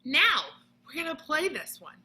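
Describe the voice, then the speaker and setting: A woman teaching a children's music lesson on video, explaining each step patiently and clearly with sung demonstrations. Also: high-pitched, very animated, measured pace, bright, forceful tone, poor audio.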